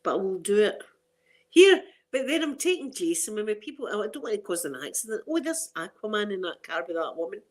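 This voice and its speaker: A woman's voice: mid-range voice, very animated, fairly quick, slight background noise. A middle-aged Scottish woman hosting an ASMR channel, chatting casually and rambling to her viewers. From Scotland. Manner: chatty and rambling, with frequent restarts and laughter.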